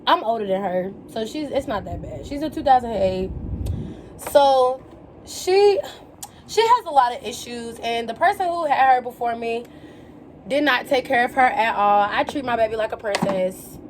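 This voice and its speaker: A young woman telling a story in a casual, animated way, full of slang and quoted exclamations. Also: fairly high pitch, normal speed, noisy background. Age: young adult. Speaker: vlogger. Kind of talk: casual storytelling while getting ready.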